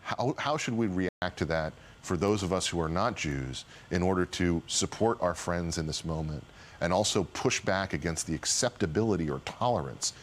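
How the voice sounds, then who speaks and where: Very deep-voiced man asking a question. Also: animated, normal speed.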